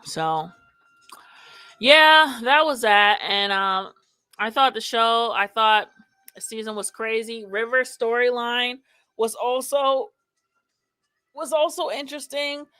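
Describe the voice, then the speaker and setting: A woman's voice: fairly high pitch, slow, pauses often, sharp tone, clear, resonant tone, no room sound. A woman hosting a casual live show, reading viewer comments aloud and chatting loosely with many fillers. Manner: chatty, lots of fillers like "like" and "you know". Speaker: host.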